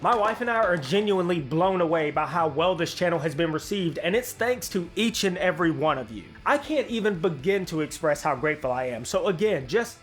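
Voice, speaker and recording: Man, fairly high voice, smooth and velvety, dry sarcastic delivery, soft music behind. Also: expressive, a little fast, hardly any pauses. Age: adult with a career. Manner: sarcastic, self-deprecating. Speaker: YouTube channel host. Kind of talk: scripted comedic narration.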